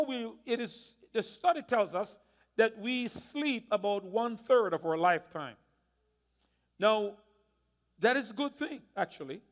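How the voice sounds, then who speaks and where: A man's voice: sits high, fairly bright tone, big-room sound. A male pastor preaching a sermon, asking the congregation to answer and repeat lines back. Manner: preaching with call-and-response questions to the congregation. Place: church sanctuary.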